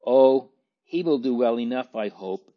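A man voicing an excitable, warm-hearted landlady, emphatic and near tears, on a dull lo-fi recording. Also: medium pitch, unhurried, natural voice. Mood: fervent.

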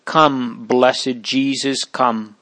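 A man reading aloud from an old memoir, voicing a dying elderly man who pleads in slow, hushed, fervent prayer. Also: medium pitch, level tone, dry recording. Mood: pleading.

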